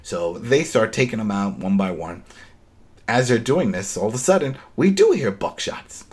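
A man hosting a podcast, recapping a TV episode in casual, animated chat with quick asides. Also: fairly low pitch, breathy edge. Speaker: podcast host.

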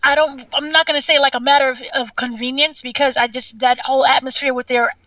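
A woman's voice: high voice, fairly even intonation, quick pace, bright, forceful tone, no echo, far from the mic, rough recording. A woman co-hosting a casual talk show, hesitant and searching for words. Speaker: co-host. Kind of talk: casual chat.

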